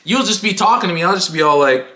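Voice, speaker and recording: Young dude ranting a funny story, cussing a lot, high bright voice, big swings in pitch, echoey room. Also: male voice, fast talker. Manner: animated, profane, exaggerated. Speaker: YouTuber. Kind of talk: comedic storytime rant.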